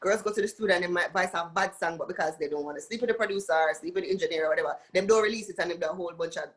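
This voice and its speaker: A woman's voice: lowish voice, racing. A woman from Jamaica with a Jamaican accent, a singer chatting as a guest and telling stories with acted-out quotes. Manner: animated storytelling, acts out quoted voices. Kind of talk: casual interview chat.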